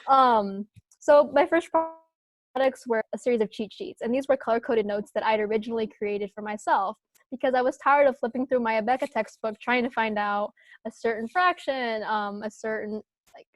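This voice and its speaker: A woman's voice: fairly high pitch, moderate pace, no echo. A young woman in her twenties, a guest on a podcast, talking in a chatty, upbeat way and laughing often. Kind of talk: casual podcast interview.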